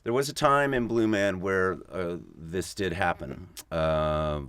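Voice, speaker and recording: A man's voice: low-pitched, takes it slowly, fairly bright tone. A middle-aged man telling stories in casual podcast chat, rambling and restarting as he talks. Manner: rambling, with many restarts and fillers. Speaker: podcast guest.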